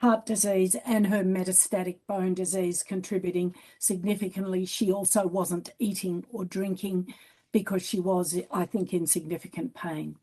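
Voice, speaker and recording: A woman's voice: fairly low pitch, little pitch movement, normal speed, warm tone, husky. An Australian woman giving expert medical testimony at an inquest, concise and matter-of-fact.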